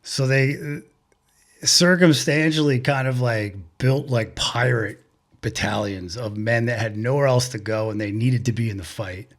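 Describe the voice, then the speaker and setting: A male podcast co-host rambles through stories in casual chat, swearing freely and leaning on fillers. His pitch sits in an ordinary middle range for a man. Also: a little slow. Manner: rambling, profane, filler-heavy storytelling.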